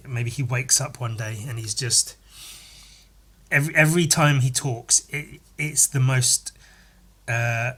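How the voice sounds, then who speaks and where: A man hosting a solo podcast, chatting in a rambling, animated way full of restarts. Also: medium pitch. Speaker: podcast host.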